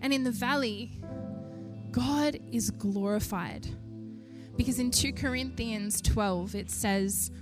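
A young woman preaching a sermon in an animated way, lifting her voice to stress each point. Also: a little high. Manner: animated, rising with emphasis, laughs between points.

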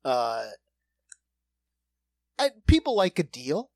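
A man's voice: on the high side, huge pitch swings, slow, a little mellow, no echo. Profane, ranting male storyteller; dry, close sound. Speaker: restaurant server and bartender. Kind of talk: casual podcast chat.

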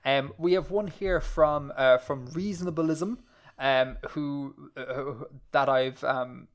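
An Irish man hosts a casual podcast at an ordinary middle pitch. He rambles and circles back with plenty of fillers and self-corrections. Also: takes it slowly. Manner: rambling, many fillers and restarts. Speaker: podcast host. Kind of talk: casual chat.

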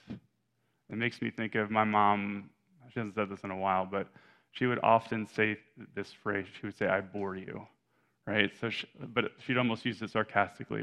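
A man's voice: on the low side, vocal fry, a bit bright. A young adult man preaching a sermon as pastor, in a conversational way, correcting himself and often adding "right?" asides.

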